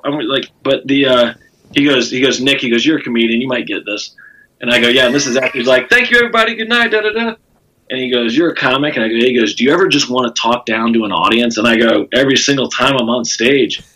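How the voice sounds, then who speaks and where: A Southern man with a bright, forward voice and a slightly husky texture tells stories as a comedian guest. His speech rambles, full of fillers and profanity, in a loose podcast conversation. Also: medium pitch, fairly even intonation, quick pace, rough recording. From South Carolina. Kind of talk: casual podcast chat.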